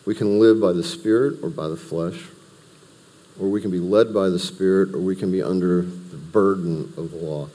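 A man's voice: low-pitched, fairly even intonation, normal speed, warm tone, in a large hall. A man teaching a Bible study, talking through the text verse by verse in a conversational way with asides and restarts.

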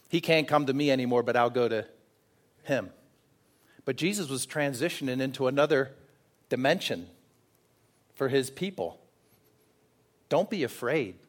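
A man preaching a sermon in an earnest way, often asking the congregation questions. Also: medium pitch. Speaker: pastor.

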